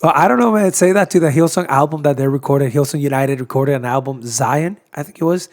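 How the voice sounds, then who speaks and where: A man's voice: on the high side, quick pace. Congested man telling a joking story. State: congested from a cold. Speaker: podcast co-host. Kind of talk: casual chat.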